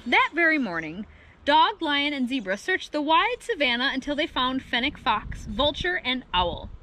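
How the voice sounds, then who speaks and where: A woman reading a picture book aloud for children with expressive storytelling. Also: high-pitched, normal speed.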